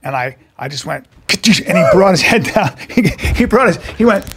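A man's voice: sits high, animated, brisk, heavy background noise. A man co-hosting a podcast, speaking bluntly and knowingly in casual chat. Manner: gravelly, husky, blunt and knowing.

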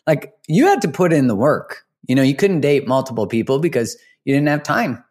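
A man hosting a podcast, talking loosely with casual swearing and getting higher when he makes a point. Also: sing-song, brisk, a little mellow. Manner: loose and profane, rises in pitch when emphatic. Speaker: podcast host.

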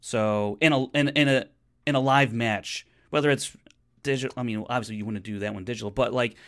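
A man co-hosting a podcast in casual chat, animated and often restarting his sentences. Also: medium pitch, a little fast. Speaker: podcast co-host.

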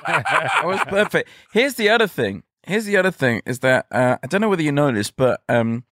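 Upbeat guy on a podcast, bouncy pitch, crisp bright voice, dry mic. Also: huge pitch swings, moderate pace, no echo. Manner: enthusiastic, retells with acted quotes. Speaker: podcast co-host. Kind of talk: casual chat.

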